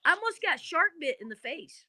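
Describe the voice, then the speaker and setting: With an extremely high-pitched voice that runs a little fast, this woman, once a reality show contestant, spins dramatic, folksy tales in her Southern Kentucky accent as an interview guest. She's animated throughout, and there's no echo.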